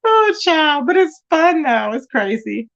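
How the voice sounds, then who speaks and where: A woman's voice: high-pitched, sing-song, measured pace, vocal fry, dull audio. Chatty woman hosting a live stream. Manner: chatty, greets viewers with terms like baby and child. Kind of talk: casual live-stream chat reading comments.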